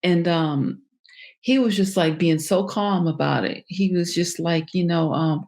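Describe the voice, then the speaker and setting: A woman speaks as a podcast guest with a slightly low voice. Her story comes out haltingly, with many fillers, pauses and restarts. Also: a little mellow. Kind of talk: personal storytelling in an interview.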